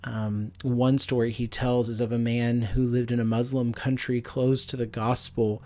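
A man delivers a Bible teaching for a podcast in a measured, earnest way. His voice sits at a middle pitch, and he often pauses on an um. He sounds like a pastor recorded on a podcast microphone. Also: level tone, dark tone.

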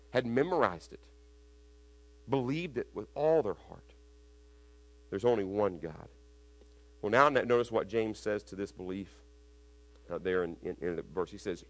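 A man preaching an expository sermon, stumbling and restarting over words, then building up to loud, emphatic recitations of scripture. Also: fairly low pitch. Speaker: pastor.

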